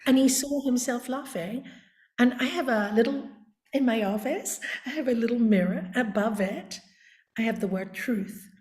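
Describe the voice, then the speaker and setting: A woman who teaches yoga, guesting on an interview and telling stories about her path in a slow, deliberate teaching tone. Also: a little high, a little mellow. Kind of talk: reflective storytelling. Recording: roomy echo.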